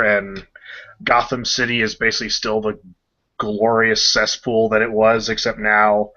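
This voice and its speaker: Bright-voiced man in casual podcast chat. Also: medium pitch. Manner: enthusiastic, acts out scenes in quick voices. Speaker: podcast co-host. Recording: dull lo-fi podcast audio.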